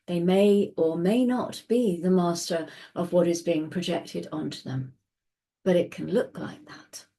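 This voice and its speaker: A woman gives a daily astrology talk in a calm, unhurried way. Her voice sits a little low and sounds mellow and warm. She drops into soft asides as she explains. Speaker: astrology podcast host.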